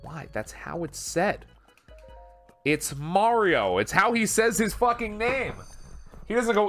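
A young man streaming video games, excitable and profane, who breaks into loud triumphant shouts. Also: high-pitched, a little slow, faint music behind. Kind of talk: live gaming stream.

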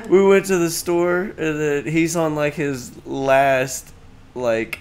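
A man's voice: on the high side, fairly even intonation, slow pace. A man casually retelling old stories to a friend, laughing often and swearing freely. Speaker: gaming streamer. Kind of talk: casual storytelling chat.

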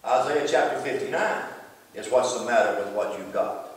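A man's voice: mid-range voice, animated, moderate pace. A man preaching a sermon, emphatic and calling out listeners by name. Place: church. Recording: echoey hall from far off.

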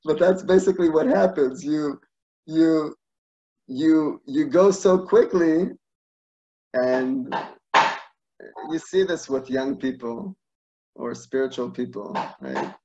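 Man, online class, storytelling, animated, searching for words, dull video call audio. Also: fairly high pitch, slow, long pauses. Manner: animated, laughs at his own stories, searches for words. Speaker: teacher.

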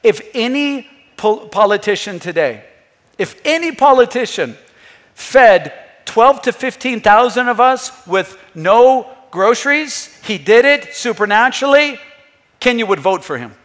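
A male pastor preaching a sermon, emphatic, dropping to a hush and then rising to loud. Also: very high-pitched, expressive, unhurried, big-room sound. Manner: emphatic, swings between hushed and loud, acts out scripture quotes. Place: church.

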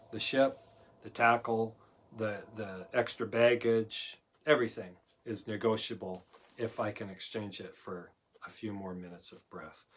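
A male pastor giving a conversational verse-by-verse Bible teaching, moving between loud emphasis and quiet asides. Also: fairly low pitch, slightly rough. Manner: conversational, swings from loud emphasis to near-murmur.

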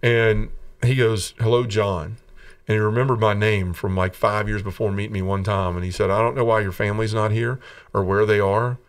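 A middle-aged Southern American man, a podcast guest, earnestly tells the story of his conversion, acting out the voices of people in it and laughing between lines. His voice is lowish and level at a moderate pace, with a clean tone picked up by a distant mic.

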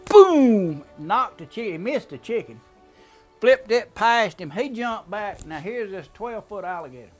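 A man's voice: high-pitched, sing-song, a little slow, soft background music. An older man telling a family story in a folksy, drawling way, chuckling often. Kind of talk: casual storytelling.

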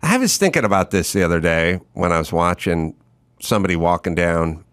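A man's voice: sits low, animated, a little fast, a bit bright, no room sound. A man hosting a talk show, making dry, wry quips in casual chat. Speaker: show host.

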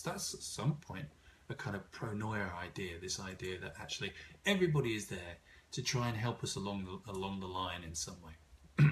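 A man's voice: lowish voice, creaky, a little hiss or hum. A man giving an informal seminar talk, thoughtful, with frequent fillers and restarts. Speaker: seminar speaker.

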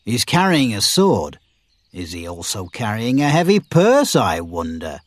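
A man's voice: lowish voice, wildly swooping pitch, unhurried, dry recording, full character voice. A man reading as a sly, wry outlaw.

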